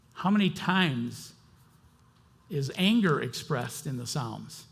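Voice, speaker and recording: A middle-aged man preaching a sermon as pastor, conversational and impassioned, swinging between loud outbursts and quiet asides. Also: fairly high pitch, expressive, a little slow, gravelly.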